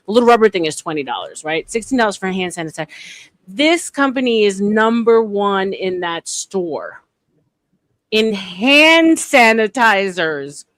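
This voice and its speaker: A woman's voice: medium pitch, unhurried, no echo. A woman hosting a stream, chatting casually and emphatically. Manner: animated, emphatic storyteller. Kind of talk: casual chat.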